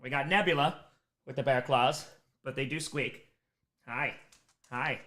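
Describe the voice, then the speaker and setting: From home, a man hosts a charity livestream, chatting casually, thanking donors and fondly scolding his dog. His medium-pitched voice is bright and forceful, never hurried. The recording carries a roomy echo.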